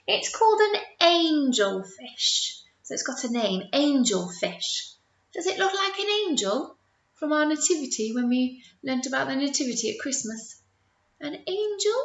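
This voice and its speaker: A woman teacher reads a picture book aloud to young children, her voice high and full of swoops. She talks slowly and encouragingly, adding playful noises for the animals. The recording is roomy and muffled. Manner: animated and encouraging, drawn-out words, playful sound effects. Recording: roomy, dull lo-fi sound.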